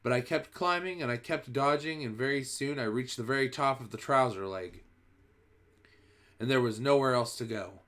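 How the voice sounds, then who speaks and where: A man's voice: medium pitch, normal speed, a bit bright. A man reads a children's book aloud on a livestream, telling it in the first person. He reads expressively in a mid-range voice and often backs up to restart a phrase. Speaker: streamer reading a book aloud. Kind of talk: first-person storybook reading.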